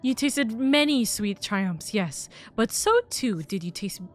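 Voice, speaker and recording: A woman's voice: on the high side, lively intonation, takes it slowly, soft background music. A woman reading a grandiose, mocking male game villain's lines aloud in a formal, theatrical way.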